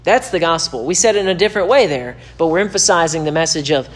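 A man's voice: a little high, lively intonation, fairly quick, few pauses, a bit bright. A man preaching to camera in a sermon-style teaching, emphatic and repetitive, his voice climbing when he presses a point. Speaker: pastor.

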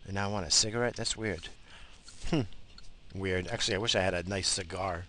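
A man's voice: low-pitched, steady tone, a little fast, bright, forceful tone, a little hiss or hum, low-quality recording. A man, rambling profanely as a casual podcast host while driving. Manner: profane, blunt, bursts of road rage.

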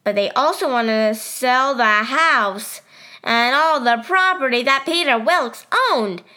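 A woman's voice: a little high, animated, slow pace, sharp tone. A woman narrating a story in first person, telling it plainly and steadily.

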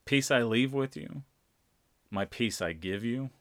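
A man preaching a sermon, speaking deliberately and repeating key phrases for emphasis. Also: medium pitch, animated, no echo. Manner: slow, deliberate, emphatic repetition.

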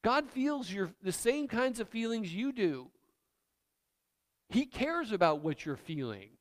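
A man's voice: high-pitched, very animated, a little slow. A man preaching a sermon as pastor, speaking in an emphatic, conversational way.

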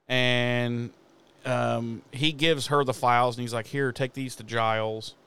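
A man retells a TV episode in loose, profane chat, jumping into the characters' lines as he goes. His voice is smooth and clear, at an ordinary pitch for a man. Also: a little slow. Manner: animated, swears a lot, acts out characters' lines. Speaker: podcast co-host recapping an episode. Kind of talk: casual profane recap chat.

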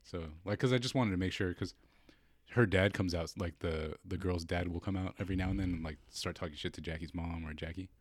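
A man's voice: deep voice, fairly quick, no room sound, clean studio sound. A young man co-hosting a podcast, telling a story in profane casual chat and acting out quotes with energy. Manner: profane storytelling, animated quoting. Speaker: podcast co-host.

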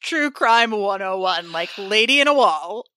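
A woman co-hosting a podcast in relaxed casual chat, laid-back and giggly, plugging links and recommendations. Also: mid-range voice, a little slow, no room sound, clean studio sound. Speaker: podcast co-host.

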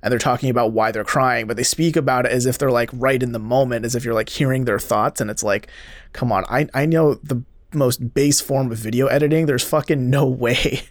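A man's voice: mid-range voice, steady tone, a little fast, no room sound, studio quality. A man in casual podcast chat, talking bluntly and swearing offhandedly.

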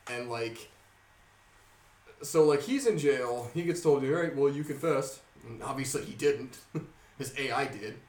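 Animated, swearing young man, off mic. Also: medium pitch, measured pace, recorded from a distance. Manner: animated storyteller, heavy swearing, laughs often. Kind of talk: casual chat. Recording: roomy sound from off mic.

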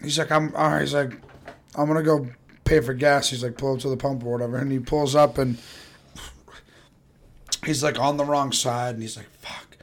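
Young New man, casual podcast co-host, relaxed rambler who swears easily, mid-range voice. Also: medium pitch, normal speed, long pauses. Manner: laid-back, rambling, swears casually, trails off. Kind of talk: casual chat.

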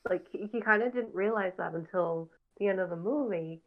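A woman co-hosting a relaxed podcast, her voice at an ordinary middle pitch. She rambles with plenty of fillers and firm opinions. Her voice comes through a narrow, phone-like line. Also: normal speed, a crowd in the background. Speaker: podcast co-host. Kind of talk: casual podcast chat.

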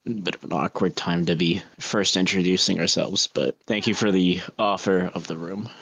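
A player speaking in character in a tabletop game, polite and measured. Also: low-pitched, steady tone, a bit bright, slightly rough, no room sound. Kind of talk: casual tabletop role-play.

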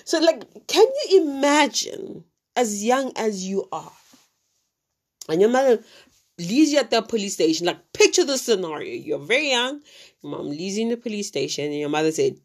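A woman's voice: medium pitch, normal speed. Chatty woman telling true crime. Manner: chatty, animated, many fillers and asides. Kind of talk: casual true crime retelling.

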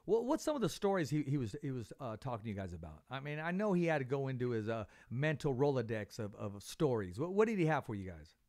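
Animated, lively podcast host man. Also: mid-range voice, fast talker, few pauses. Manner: animated storyteller, repeats words, laughs often. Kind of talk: casual interview chat.

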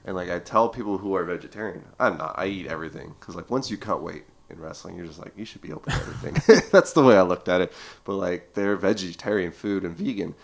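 A young man in his twenties speaks in a very low voice. He talks in relaxed conversation as a podcast guest, telling stories with lots of filler words. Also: quick pace, vocal fry. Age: 20s. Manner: lively storyteller, heavy filler "like". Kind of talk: casual chat.

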